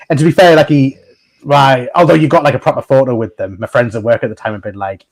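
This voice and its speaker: A man's voice: medium pitch, quick pace, a little mellow. Chatty man hosting a podcast. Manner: chatty storyteller, frequent restarts and laughs. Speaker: podcast host. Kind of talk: casual chat.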